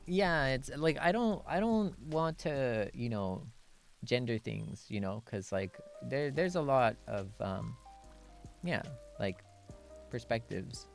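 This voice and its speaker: Reading out viewer messages on his casual chat stream, this male host giggles playfully, blends English with Japanese, and ends with a cat-like "nyan." He speaks slowly at medium pitch with vocal fry, over faint background music.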